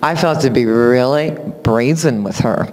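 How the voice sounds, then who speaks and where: A man, a music teacher, giving a spoken introduction at a recital in animated storytelling fashion, acting out what people said and laughing often. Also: mid-range voice, a little slow. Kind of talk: spoken tribute speech at a recital. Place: recital hall. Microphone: far camera. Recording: long hall reverb from a camera.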